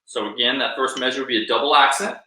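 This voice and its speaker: A man's voice: mid-range voice, fairly even intonation, quick pace, heavy background noise. A man teaching a live online drum lesson, counting beats aloud and encouraging his students. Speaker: percussion instructor. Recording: echoey room with drumming behind.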